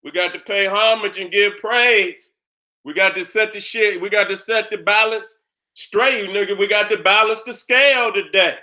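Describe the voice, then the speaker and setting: Fired-up bright-voiced man ranting. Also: high voice, steady tone, normal speed. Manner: boastful, combative, repeats his phrases, asks "you understand". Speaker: host of his own channel. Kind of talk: fired-up profane monologue.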